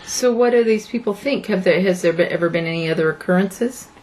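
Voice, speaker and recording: A woman's voice: lowish voice, a little fast, a little mellow, poor audio. A woman co-hosting a casual podcast who keeps questioning the stories with skeptical curiosity. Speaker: podcast co-host. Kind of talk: casual news chat.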